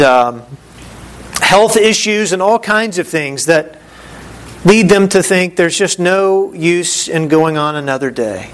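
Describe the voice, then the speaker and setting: A man's voice: sits high, fairly bright tone. A middle-aged man, a pastor, preaching a conversational sermon and acting out the disciples' lines.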